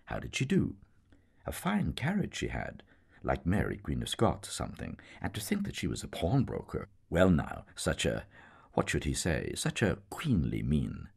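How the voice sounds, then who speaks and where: A man narrating a literary novel in a measured, wry, expressive way. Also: very deep voice, gravelly, slightly rough.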